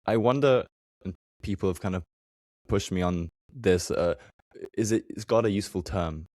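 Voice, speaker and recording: A young man with a very deep voice asks exploratory questions in a podcast, circling his point with plenty of ums and likes. The recording is dry and close. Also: normal speed, darkish tone, no room sound. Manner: tentative, searching questions with many fillers. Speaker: podcast host. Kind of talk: conversational podcast interview.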